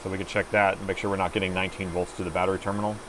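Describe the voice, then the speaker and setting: A man's voice: deep voice, level tone, racing, background noise. A middle-aged man doing a live repair stream, chatting casually and muttering to himself as he works at his bench. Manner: chatty, thinks aloud, mutters to himself while working. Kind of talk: casual live-stream commentary while working. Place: repair workbench indoors.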